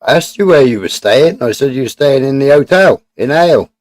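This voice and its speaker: A man's voice: medium pitch, expressive, brisk, a little mellow, dry recording. A man hosting a live stream, bantering with viewers in a blunt, sweary, jokey way. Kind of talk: casual banter with chat.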